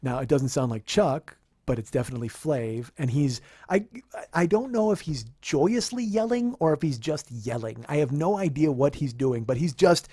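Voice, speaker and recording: A podcast host telling a comedic story in an animated, profane, rambling way. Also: male voice, mid-range voice, normal speed, hardly any pauses, slightly rough, no room sound, clean studio sound.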